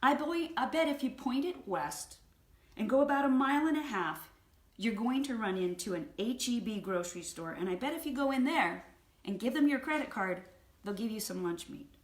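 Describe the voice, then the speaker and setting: An exasperated, overwhelmed wife snaps out sharp, sarcastic lines with a lifted, louder voice, as a woman storyteller acts her out. Her pitch rides higher than the teller's own. The sound carries a roomy echo. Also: animated, moderate pace, close to an everyday voice.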